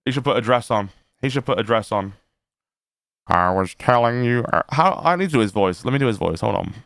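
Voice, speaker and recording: Mocking, profane man with a smooth voice. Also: medium pitch, animated, a little fast, a bit bright. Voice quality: mocking, profane, frequent laughs and fillers. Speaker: commentary streamer. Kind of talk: profane reaction commentary.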